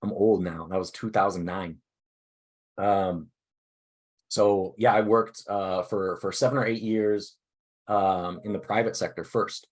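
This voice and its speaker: A man presenting a teacher workshop over a video call, upbeat and self-deprecating, talking casually in halting starts from his desk. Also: deep voice, steady tone. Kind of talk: casual online workshop talk. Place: indoors at a desk.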